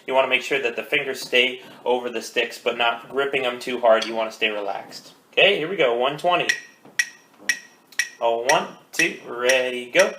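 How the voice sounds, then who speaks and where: A man teaching a drum lesson, counting beats aloud and coaching calmly. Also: mid-range voice, brisk, hardly any pauses. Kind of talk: instructional rudiment lesson. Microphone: phone. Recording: echoey room with faint noise.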